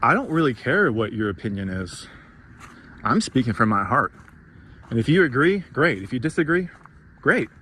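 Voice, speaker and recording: A man's voice: mid-range voice, sing-song, normal speed, pauses often, sharp tone, a little hiss or hum. A man delivering an intense, profane motivational rant, rambling and mocking himself as he goes. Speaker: podcast host.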